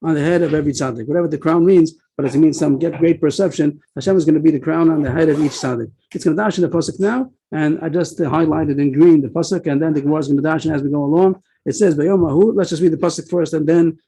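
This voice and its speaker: A man teaching a Talmud lesson over a video call, with a husky, mellow voice that sits a little high. He reads the text at a rapid clip, then slows down to explain, filling gaps with pauses and hesitations. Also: low-quality recording. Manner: reads Aramaic text fast, then explains slowly with many pauses and fillers. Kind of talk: daf yomi class on a video call.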